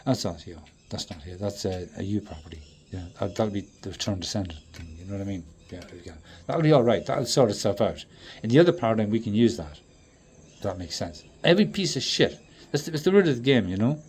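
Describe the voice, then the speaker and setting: A man with a low, husky voice rambles through a stream-of-consciousness monologue, swearing freely. He jumps from loud bursts to quiet mutters, talking straight to whoever is watching. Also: expressive, fast talker.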